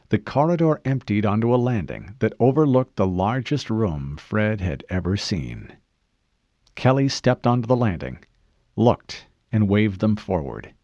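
Low-voiced, lively male audiobook narrator. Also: dry recording, lo-fi sound.

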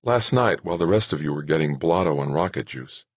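A man's voice: low voice, animated, a little fast, slightly rough, no echo. A man reading an audiobook, voicing a playful, determined young wife in a raised, teasing voice. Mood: firm. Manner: teasing, firm.

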